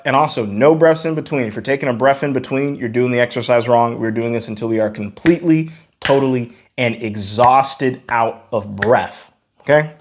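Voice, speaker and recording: A man teaching a vocal warmup lesson, explaining the exercises step by step with analogies. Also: mid-range voice. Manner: coaching, explanatory, uses gym analogies. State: out of breath. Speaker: vocal coach.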